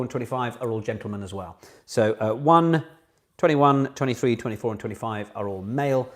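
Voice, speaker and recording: A man hosts a relaxed online pub quiz from home, speaking at a medium pitch. He chats and mocks himself with jokey asides between questions. His voice comes through a home computer mic on a video call. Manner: chatty, self-mocking, jokey asides. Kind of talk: casual online quiz hosting.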